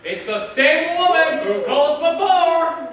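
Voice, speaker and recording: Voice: high-pitched, expressive, measured pace. Teen actor as a flustered party host. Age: teens. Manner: flustered, shouting for order. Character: frantic party host trying to keep control. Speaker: student actor. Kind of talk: stage comedy acting. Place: school auditorium stage. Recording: echoey hall, mics far off, faint hiss.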